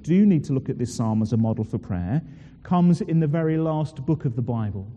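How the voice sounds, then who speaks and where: A man delivers a sermon in a church, leaning on rhetorical questions and drawn-out emphatic phrases. His voice sits a little high yet sounds very dark and mellow. A long hall reverb trails each phrase. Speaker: preacher.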